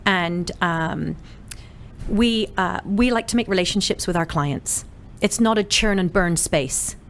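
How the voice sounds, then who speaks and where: A woman from the UK whose British accent has softened, a salon owner chatting casually as a guest with a friendly, self-deprecating manner. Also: lowish voice, measured pace, a little hiss or hum. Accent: British, softened by years in America. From United Kingdom. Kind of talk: casual interview chat.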